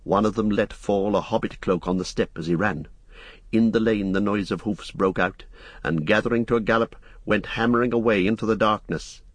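A man narrating an audiobook in a measured, even storytelling manner. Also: on the low side, husky, dry recording. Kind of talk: scripted narration.

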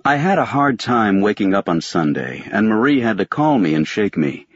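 A man with a very low, slightly husky voice reads a novel in the first person. His delivery is measured and detached. The recording is dry and close, with a somewhat muffled, dull tone. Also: sing-song, no echo. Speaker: audiobook narrator. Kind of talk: scripted narration.

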